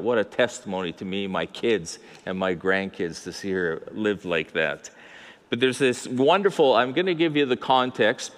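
An older man preaching to his congregation, mid-pitched and conversational, tossing in asides and rhetorical questions. His voice rings out with a long hall reverb, as if recorded in a large church. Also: a bit bright. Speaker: pastor. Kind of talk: sermon.

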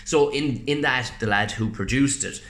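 An Irish man chatting casually as a podcast guest, swearing freely and telling animated stories before a gig. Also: medium pitch, moderate pace, slight background noise. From Ireland. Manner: swears a lot, animated storytelling. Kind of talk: casual chat. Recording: roomy echo.

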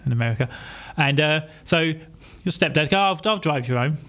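A man's voice: fairly high pitch, brisk. A young man in casual chat, telling stories animatedly and acting out what people said. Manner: animated storyteller acting out quotes.

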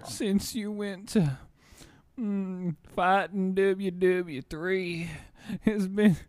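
A young man voicing a frail, rambling elderly war veteran who speaks slowly and drags out his words. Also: high voice, steady tone, darkish tone, no echo, voice pushed up. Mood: doddering. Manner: slow, drawn-out and doddering.

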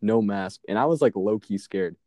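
A man's voice: on the low side, normal speed, warm tone, no echo, studio quality. A young man casually telling a long, profane story as a podcast co-host, laughing now and then.

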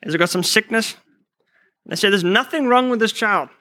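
A man's voice: sits high, brisk, sharp tone, no echo. A man preaching a sermon, telling personal stories and quoting scripture, with frequent restarts and fillers.

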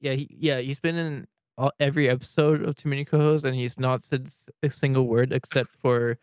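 A young man from Saskatchewan in Canada hosting a casual podcast chat, halting and full of fillers, often laughing. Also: medium pitch, steady tone, a little mellow, smooth, dry recording, clean studio sound. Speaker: podcast host. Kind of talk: casual podcast chat over video call.

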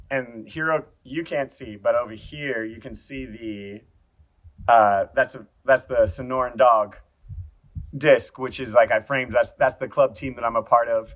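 A man's voice: medium pitch, highs cut off. A man from New Zealand chats as a podcast guest. He jokes about himself and rambles, often stopping and restarting mid-sentence. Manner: jokey, self-mocking, rambling with restarts. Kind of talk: casual podcast chat.

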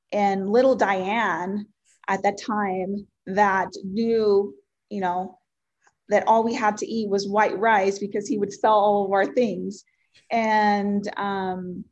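A woman in her forties whose first language is Spanish, telling her life story as an interview guest in an earnest, heartfelt way, with many ums and pauses. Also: medium pitch. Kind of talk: personal life story in conversation.

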